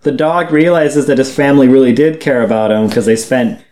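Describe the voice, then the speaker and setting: A man's voice: medium pitch, a little fast, a little mellow. A man co-hosting a podcast in casual chat, plainly summarizing a book and reading passages aloud. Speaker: podcast co-host.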